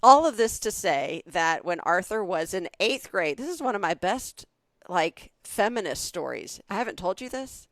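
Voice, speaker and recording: A woman in her forties with a Southern US accent, co-hosting a podcast and telling a comic story in a lively way, acting out other people's lines. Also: medium pitch, moderate pace, no room sound. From Southern United States. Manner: animated, acts out other people's voices in her stories. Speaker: podcast co-host. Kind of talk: casual comedic storytelling.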